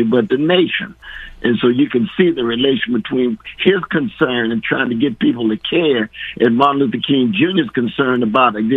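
A hoarse man speaking as a radio guest in an impassioned, preacherly way, slowing down to stress his points. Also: medium pitch, dry recording. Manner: preacherly, slows down for emphasis. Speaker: guest commentator. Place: indoors. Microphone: phone line. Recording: tinny phone line.

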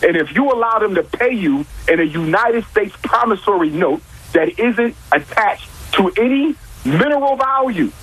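A man's voice: high voice, a bit bright, breathy edge, low-quality recording. A man arguing his points with emphasis on a talk show, repeating key lines and asking rhetorical questions. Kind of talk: impassioned talk-show argument.

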